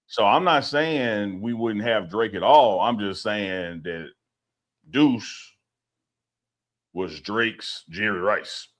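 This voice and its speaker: A man co-hosting a casual sports talk show, animated and opinionated, repeating himself as he makes his point. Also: lowish voice, slow pace. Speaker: co-host.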